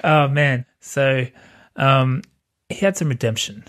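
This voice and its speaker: A man's voice: medium pitch, slow, a bit bright. A man hosting a podcast in a casual, jokey way, swearing freely. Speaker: podcast host. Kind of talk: casual chat.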